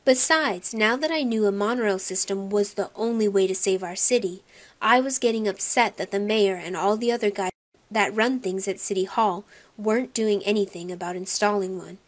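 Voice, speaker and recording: Brief: female narrator, children's audiobook, lively first-person read. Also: medium pitch, moderate pace. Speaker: audiobook reader.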